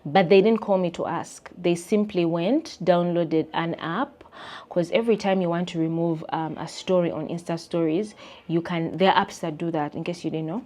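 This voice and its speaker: A woman's voice: on the low side, moderate pace. A young woman with a Ugandan accent, ranting to her viewers in an emphatic, indignant, chatty way. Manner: emphatic, indignant, animated with voiced quotes. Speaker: vlogger and content creator. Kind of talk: casual rant to camera.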